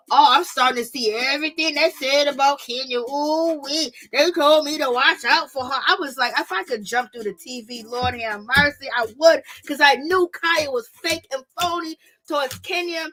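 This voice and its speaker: This young woman vlogger, whose voice sits high, talks at normal speed as she reviews reality TV. She speaks directly to viewers in an animated, exasperated, slang-filled casual rant.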